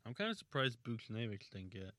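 A man's voice: lowish voice, very animated, brisk, a bit bright, no room sound. A man co-hosting a casual sports podcast, wry and teasing, laughing often. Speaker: podcast co-host. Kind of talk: casual hockey news chat.

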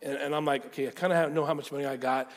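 A man preaching a sermon through lively personal stories, acting out the voices in them. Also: a little high, rapid-fire, long reverb tail. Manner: animated storyteller, acting out quotes. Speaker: pastor. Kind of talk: storytelling sermon.

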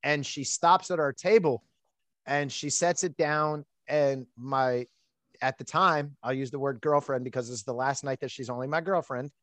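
A man's voice: medium pitch, normal speed, fairly bright tone, dry recording. A man hosting a podcast, telling a personal story in an outgoing, chatty way with plenty of fillers. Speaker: podcast host. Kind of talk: casual storytelling chat.

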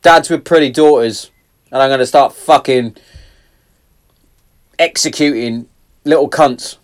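A middle-aged man hosting a casual solo podcast from his shed, swearing often, going off on tangents, swinging between loud laughing outbursts and quiet reflection. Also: medium pitch, unhurried. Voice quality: heavy swearing, rambling and tangent-prone. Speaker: podcast host. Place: garden shed.

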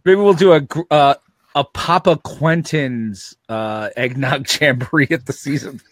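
A man's voice: mid-range voice, measured pace, dry recording, clean studio sound. A man co-hosting and running the controls of a call-in podcast, playful and teasing, on a video call. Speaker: podcast co-host and engineer. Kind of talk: casual call-in show chat.

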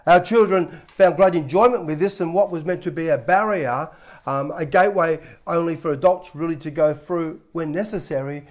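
A man, a pastor, gives a relaxed, conversational sermon. His voice sits a little higher than most men's, and he often restarts his phrases. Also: normal speed. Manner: conversational preaching with frequent restarts.

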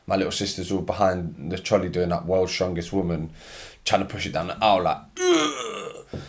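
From his room, a weary young podcaster yawns as he talks into his own mic. He's low-pitched, fast and steady in tone, rambling through his solo show in a slangy, conversational style.

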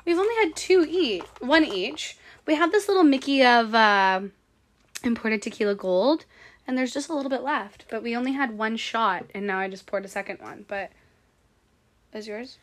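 A woman's voice: fairly high pitch, moderate pace. A young woman, hosting a podcast and telling stories in casual chat, acting out the quotes. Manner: chatty storyteller, acts out quotes, laughs often. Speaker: podcast host.

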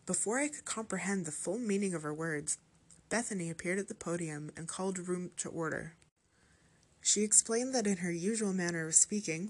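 A woman narrating a horror story aloud in a measured, even storytelling manner. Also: sits low.

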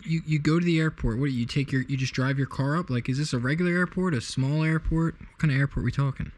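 A man's voice: fairly high pitch, quick pace. A man interviewing a guest, asking short, probing questions and chiming in.

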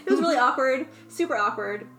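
A woman's voice: high-pitched, animated, quick pace, a bit bright, reverberant. A young woman co-hosting a casual chat. She tells her stories with frequent laughter. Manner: chatty, laughs often while telling stories. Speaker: podcast co-host.

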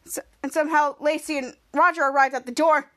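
Young female podcast host, high voice, casual TV recap, jumps into quoted lines with loud outbursts. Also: fairly even intonation, a little fast. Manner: acts out characters' lines with bursts of loud, high shouting.

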